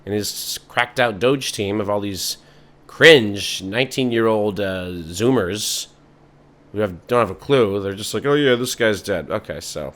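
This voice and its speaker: A man's voice: on the low side, a little slow, fairly bright tone. A man hosting a podcast in a rambling, sardonic comic monologue full of fillers. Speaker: podcast host.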